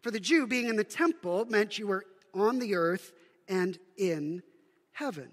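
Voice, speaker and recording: A man's voice: sits high, expressive, a little slow, in a large hall. A man from Canada preaching a sermon as pastor, conversational, asking the congregation rhetorical questions.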